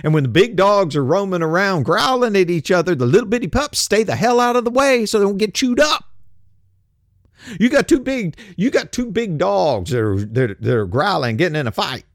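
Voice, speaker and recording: The older political commentary host has a high, sing-song voice at a moderate pace. Coarse, blunt, and mocking, he laughs often as he makes fun of things, recorded dry with clean studio sound.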